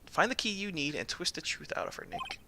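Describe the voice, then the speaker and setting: A man voicing an eager young woman assistant in a courtroom game, speaking in a softer, urging tone. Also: high-pitched, sing-song, a little fast, gravelly, background noise, pitched above the performer's own voice, heavily acted.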